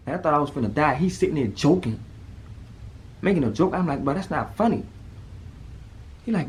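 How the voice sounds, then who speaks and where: A man tells a personal story straight to camera. His delivery is casual and animated, and his voice jumps sharply higher when he acts out moments of panic. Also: brisk, long pauses. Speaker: vlogger telling a personal story.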